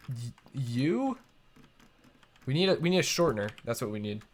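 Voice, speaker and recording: A man's voice: medium pitch, very animated, moderate pace, long pauses. A young man streaming a building game live, talking to himself in a rambling, playful way with little boop noises. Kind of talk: live gameplay commentary.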